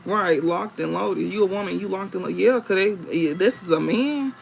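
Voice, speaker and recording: A man's voice: sits high, moderate pace, creaky, faint music behind, poor audio. A man giving a live tarot reading, blunt and profane, laughing often and repeating points for emphasis. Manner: emphatic repetition. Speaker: tarot reader.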